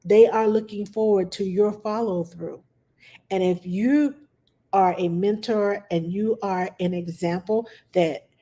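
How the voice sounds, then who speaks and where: Woman nanny, mellow warm tone, earnest and repetitive in her advice. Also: medium pitch. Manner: earnest, repeats key points for emphasis. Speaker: nanny giving parenting advice. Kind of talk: casual advice talk to camera.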